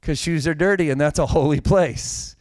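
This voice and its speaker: A man's voice: on the high side, moderate pace, a little mellow, dry recording. A man preaching a sermon, with a casual, conversational manner and direct questions to the congregation. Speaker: pastor.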